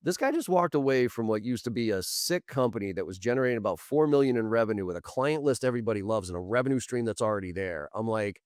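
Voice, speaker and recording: A middle-aged man with a lowish voice, telling sales stories with lively energy. He jumps into quoted voices and restarts his sentences often. The sound is close and dry. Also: quick pace, hardly any pauses, no echo. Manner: animated, acts out quotes, many restarts. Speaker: sales trainer, podcast guest. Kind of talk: casual interview storytelling.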